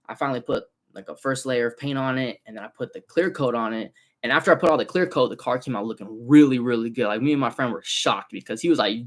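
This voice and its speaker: A young man tells stories on his car-detailing livestream. His voice sits at an ordinary pitch for a man, and he talks in an animated, slangy way that is full of swearing. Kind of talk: casual storytelling livestream.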